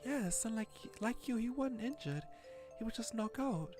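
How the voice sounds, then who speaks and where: A man doing a high, anxious young heroine. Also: expressive, moderate pace. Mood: worried. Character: young female detective heroine, earnest and easily alarmed. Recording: game music behind.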